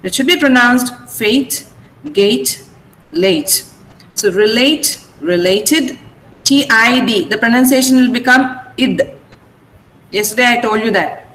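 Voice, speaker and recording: An Indian English woman teaching an online class, her voice a little high. She speaks slowly and repeats each word as she drills pronunciation. The room is echoey, with a faint hiss behind her. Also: fairly bright tone. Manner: slow, deliberate, repeats words for pronunciation drills.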